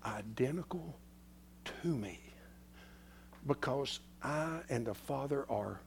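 A man preaching a sermon, swinging from loud declarations to hushed, near-whispered lines. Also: mid-range voice, slight background noise.

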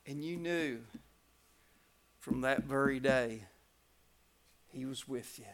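A man preaching a revival sermon, telling stories and building to loud climaxes. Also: mid-range voice, slow pace.

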